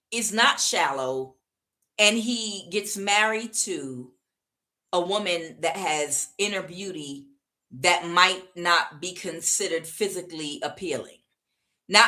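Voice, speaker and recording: A woman's voice: mid-range voice, sharp tone. A woman giving a casual, chatty tarot reading, emphatic and full of fillers. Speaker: tarot reader.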